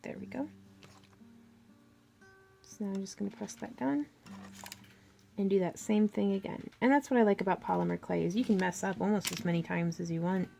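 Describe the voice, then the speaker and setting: A woman's voice: medium pitch, fairly even intonation, a little fast, gravelly, long pauses, warm tone, soft background music. A woman hosting a crafting tutorial, chatting casually and thinking aloud as she works. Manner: chatty, thinking aloud, with fillers and little laughs.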